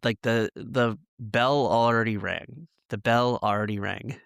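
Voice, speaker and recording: Man, podcast co-host, casual rambling storyteller, mid-pitched voice, dry close sound. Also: steady tone, a little slow, gravelly, fairly bright tone, dry recording. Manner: rambling, many fillers and laughs.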